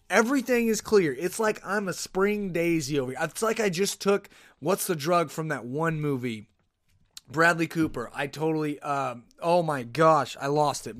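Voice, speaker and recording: A man hosts his own podcast, his voice a touch higher than most. He rambles through stories in a lively way and keeps cutting into his own sentences. The sound is dry and close on a podcast mic. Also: dry recording. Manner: rambling, animated, self-interrupting. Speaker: podcast host. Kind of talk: casual solo podcast storytelling. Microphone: podcast microphone.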